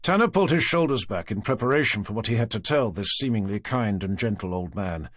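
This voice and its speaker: A man narrating a crime novel in a measured, even storytelling manner. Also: lowish voice, no room sound, studio quality. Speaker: audiobook narrator. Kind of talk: scripted narration.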